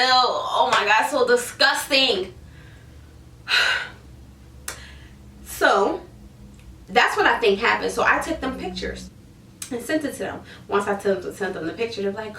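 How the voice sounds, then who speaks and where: A woman in her thirties telling a story to camera in a casual, animated way, acting out her own reactions. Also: fairly high pitch, measured pace, long pauses, a little hiss or hum. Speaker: hair seller vlogger. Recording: roomy, mic at a distance.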